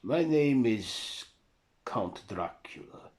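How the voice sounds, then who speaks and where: Guy doing an old vampire count w/ a romanian accent, super slow, formal and aloof. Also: medium pitch, expressive, darkish tone, pitched above the performer's own voice. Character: old male vampire count, proud, calm.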